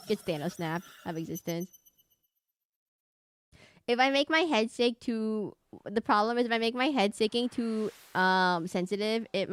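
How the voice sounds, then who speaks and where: A woman streaming a video game, chatting in a rambling casual way with many fillers and restarts. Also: medium pitch. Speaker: VTuber streamer.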